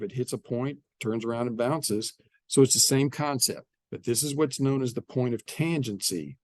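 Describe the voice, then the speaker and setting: A man's voice: mid-range voice, a little mellow, no echo. A man teaching a math lesson, explaining step by step and often repeating his phrases. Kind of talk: classroom math lecture.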